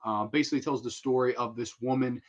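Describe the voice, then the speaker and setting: A man hosting a casual livestream, excitable and profane, laughing often as he talks. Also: mid-range voice, fast talker. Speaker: livestream host.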